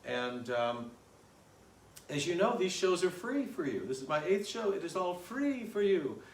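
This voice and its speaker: A man hosting a music live stream, talking in a relaxed, chatty way with many fillers. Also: high voice, measured pace. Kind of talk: casual live-stream chat. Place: home room. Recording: roomy echo, distant mic, guitar behind.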